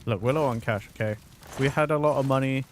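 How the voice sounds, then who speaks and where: A man's voice: mid-range voice, fast, slight background noise. A man from London with a mild, mixed British accent, chatting casually and swearing while streaming a game. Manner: chatty, swears often, rambling. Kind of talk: casual gaming commentary.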